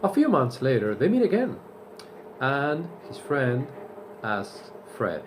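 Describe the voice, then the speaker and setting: A man teaching English to Spanish speakers, explaining slowly and repeating each point in Spanish. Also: medium pitch, huge pitch swings, background noise. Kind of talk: bilingual language lesson.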